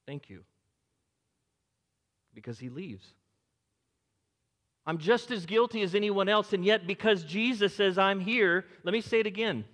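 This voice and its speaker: An older man preaching a sermon as pastor, swinging between loud urgent lines and hushed, near-whispered quotes. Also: high voice, expressive, measured pace, pauses often. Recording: long hall reverb.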